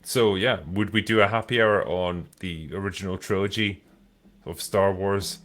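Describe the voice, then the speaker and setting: A man's voice: low voice, fairly even intonation, moderate pace, fairly bright tone. A Scottish man hosting a podcast, reading out viewer questions in a laid-back, casual way and swearing freely. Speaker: podcast host.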